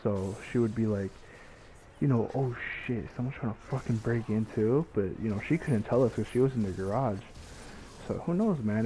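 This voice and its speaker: A man's voice: medium pitch, a little hiss or hum, rough recording. A young man telling a story in casual, profane speech, acting out what people said. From Mexican family. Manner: profane, animated retelling with acted quotes.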